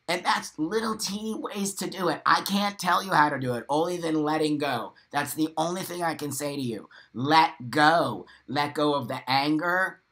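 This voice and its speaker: A man's voice: a little high, sharp tone, low-quality recording. A man hosting a live morning show, talking straight to his viewers in an impassioned monologue. He is emphatic and blunt, swears freely, repeats phrases for stress and laughs between points.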